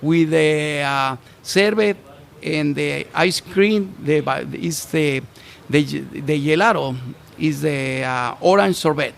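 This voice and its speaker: Chef from Mexico, gravelly voice, halting English, interviewed outdoors on a rooftop. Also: male voice, on the high side. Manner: halting, broken English with restarts. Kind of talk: casual interview. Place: restaurant rooftop bar, outdoors.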